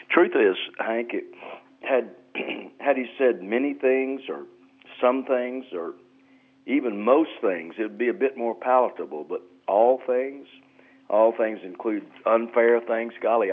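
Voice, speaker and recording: Pastor on a tinny phone line. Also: male voice, fairly low pitch. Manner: earnest, repeats words and restarts often. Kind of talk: radio interview, preaching-style explanation.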